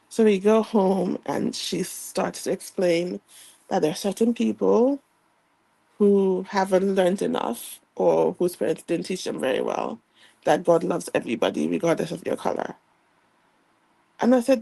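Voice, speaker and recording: Female storyteller, husky and gravelly, reflective personal account. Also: mid-range voice, normal speed, mellow, no room sound, rough recording. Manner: reflective, reenacts childhood dialogue.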